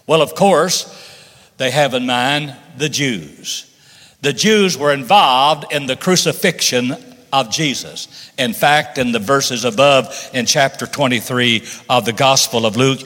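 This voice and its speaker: A man's voice: fairly high pitch, a bit bright. A man preaching a sermon, reading scripture aloud and stressing key words with rising emphasis. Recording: long reverb of a large hall.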